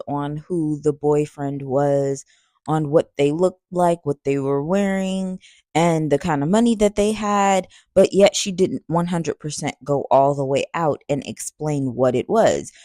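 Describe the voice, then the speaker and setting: A woman's voice: low voice, takes it slowly, warm tone, no room sound, clean studio sound. A woman hosting a podcast, recapping a story and talking straight to her listeners in a chatty way. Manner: chatty, addresses listeners directly. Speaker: podcast host. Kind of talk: commentary recap.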